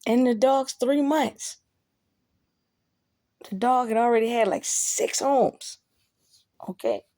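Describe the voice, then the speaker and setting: A woman's voice: on the high side, slow, mellow, dry recording, clean studio sound. A woman casually telling a personal story to camera, blunt and profane, with emphatic outbursts.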